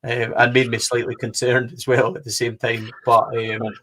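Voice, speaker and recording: A man's voice: medium pitch, little pitch movement, normal speed, bright, forceful tone. A man with a Scottish accent co-hosting a football podcast, chatty and rambling, with lots of fillers. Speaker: podcast co-host. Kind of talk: casual football podcast chat.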